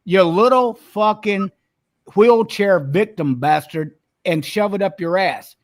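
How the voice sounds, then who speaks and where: A man's voice: high-pitched, takes it slowly. Older man, profane and indignant. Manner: profane, indignant, cuts in repeatedly. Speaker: interview guest, former wrestler. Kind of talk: heated argument.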